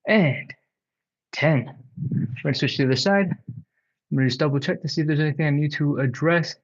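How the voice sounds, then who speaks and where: A man's voice: mid-range voice, fairly bright tone, dull audio. A man leading a live home stretching class, chatty and rambling, counting reps aloud and short of breath. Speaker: stretching instructor. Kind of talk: live-streamed workout instruction.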